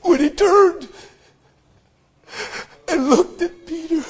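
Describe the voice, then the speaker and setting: A male preacher delivering an impassioned sermon, his voice breaking with emotion as he preaches in drawn-out bursts. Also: very high voice.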